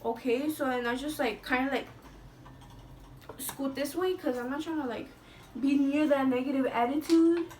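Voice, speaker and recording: In a high, slightly mellow voice with a steady tone, a young woman beauty vlogger tells a story at a moderate pace. It's a casual monologue peppered with swearing, heavy use of "like," and Spanish slang. A little hiss or hum sits under the recording, and she's a bit distant from the mic.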